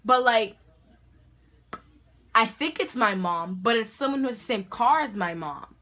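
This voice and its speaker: A teenage girl vlogger telling a storytime tale in a dramatic, animated way, full of slang. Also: a little high, unhurried. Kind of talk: storytime vlog.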